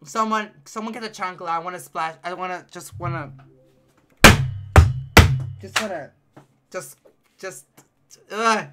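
A man streaming a game live, reacting with loud, excitable outbursts and teasing his chat. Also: high-pitched, a little slow, long pauses, noisy background. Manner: addresses chat directly, playful teasing. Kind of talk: live gameplay commentary.

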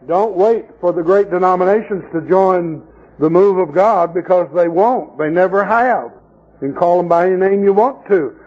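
A man's voice: high-pitched, a little mellow, lo-fi sound. A man preaching a sermon at a camp meeting, telling folksy stories and mocking the people he talks about. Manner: folksy storytelling preacher, mocking voices in quoted scenes.

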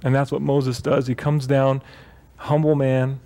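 A man's voice: mid-range voice, flat delivery, a little slow, mellow. A man preaching a sermon as pastor, talking in a loose, joking way and often correcting himself mid-sentence. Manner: conversational and joking, with self-corrections. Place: church.

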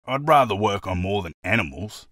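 A man's voice: on the low side, expressive, brisk, a bit bright, no echo, clean studio sound. A man voicing figures in a cartoon who casually plot to tamper with animal DNA, in an offhand, conspiratorial way. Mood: scheming. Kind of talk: cartoon voice acting.

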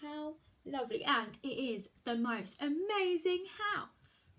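High-voiced, slow, expressive woman teacher. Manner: warm, expressive and exclamatory. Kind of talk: storytime read-aloud for young children.

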